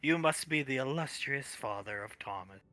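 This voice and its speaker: Man doing a sly little cat, scheming, meowing, lively swoops, bright. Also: medium pitch, moderate pace, no room sound, faint music behind. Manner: meows between lines, pompous.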